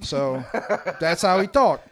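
A man's voice: a little high, lively intonation, slow, a bit bright. A middle-aged man telling a rambling, profane story on a live podcast in a sports bar, often correcting himself. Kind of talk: casual storytelling in front of a live audience.

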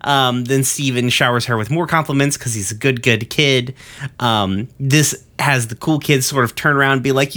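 Man, podcast co-host, casual recap, rambling, filler-heavy, bright tone, mid pitch. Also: normal speed. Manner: loose, rambling, lots of ums and uhs, acts out quotes in higher voices.

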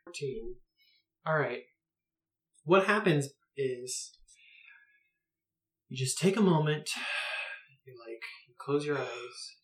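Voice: medium pitch, lively intonation, slow pace, long pauses, echoey room. A game master narrating a tabletop game in loose, rambling descriptions full of filler words.

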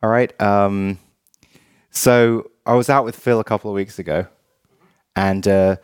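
A man's voice: lowish voice, fairly even intonation, a little slow, smooth, dry recording, studio quality. Man with faded English accent. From England. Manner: rambling storyteller with restarts. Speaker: podcast co-host. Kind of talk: casual chat.

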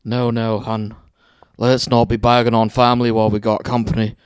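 A man's voice: medium pitch, flat delivery, moderate pace, smooth, no room sound, clean studio sound, close to an everyday voice. A man voicing a tall, bony, tired father who talks in a placating way. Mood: weary.

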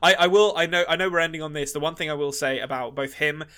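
Joking English podcast co-host, bright voice. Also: male voice, a little high, fast talker, clean tone. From England. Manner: joking, animated, swears. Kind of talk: casual podcast chat.

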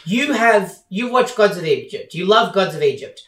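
A man's voice: high voice, lively intonation, normal speed, fairly bright tone. A man co-hosting a podcast in casual chat, playful and argumentative. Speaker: podcast co-host. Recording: echoey room from a distance.

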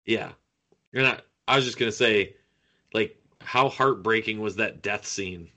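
A man talks slowly on a film podcast, his tone bright and a little tense. He hesitates often and fills the gaps with uh and um. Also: on the low side. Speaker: podcast co-host. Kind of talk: casual film-discussion chat.

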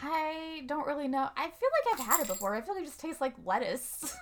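A woman's voice: high-pitched, animated, brisk, slight background noise. A woman casually recapping a movie plot as a podcast co-host, chatty, with many "um"s and frequent laughter.

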